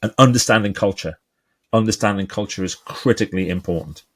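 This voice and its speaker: A man's voice: fairly low pitch, a little fast. A man with a Geordie accent, a guest author talking in an interview and acting out the people in his stories. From England. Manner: animated storyteller, acts out quoted voices. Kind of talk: conversational interview.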